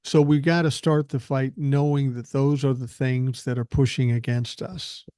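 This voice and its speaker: A man's voice: mid-range voice, steady tone, moderate pace, warm tone, clean tone, no room sound. An older man hosting a podcast, delivering a blunt, profane and angry political monologue into a close mic. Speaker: podcast host.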